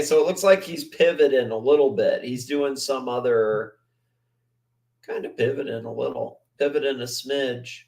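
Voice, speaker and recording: A man hosting a casual livestream, rambling and swearing as he reacts to chat and videos. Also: mid-range voice. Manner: profane, rambling, mimics voices. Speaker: livestream host.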